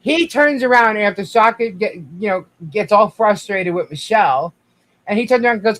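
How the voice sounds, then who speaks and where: A man with a high voice tells his side at length, circling back with restarts and fillers. He keeps turning to speak to the viewers directly in a casual livestream chat. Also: moderate pace, poor audio. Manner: rambling, restarts, addresses viewers. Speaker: guest.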